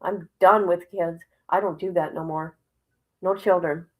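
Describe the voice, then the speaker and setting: Slow-talking woman streamer. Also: lowish voice, steady tone, low-quality recording. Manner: reads aloud haltingly, then reacts with exclamations and asides to viewers; drops into whispers at times. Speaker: livestream host. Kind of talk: casual livestream commentary.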